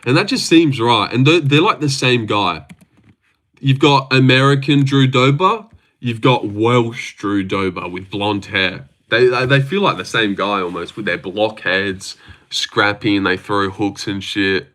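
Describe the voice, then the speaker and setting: Man, casual livestream chat, rambling, swears a lot, bright voice. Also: on the low side, a little slow. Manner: rambling, swears freely, reads chat aloud. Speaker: livestream host.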